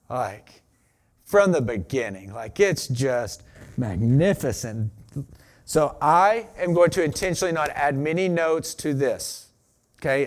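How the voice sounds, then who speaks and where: A man preaching a sermon. He talks in a relaxed, chatty way and rises into emphatic reading of scripture. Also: mid-range voice. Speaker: pastor.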